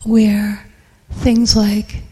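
A woman sharing a personal story in a group, soft and hushed, reflective, with many pauses. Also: mid-range voice, level tone, breathy edge, long reverb tail.

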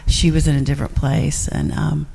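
A woman's voice: low-pitched, little pitch movement, moderate pace, gravelly, dark tone, breathy edge, long reverb tail. A middle-aged woman sharing reflections in a class, rambling with many fillers and restarts. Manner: rambling, full of fillers and restarts, laughs often. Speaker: class participant.

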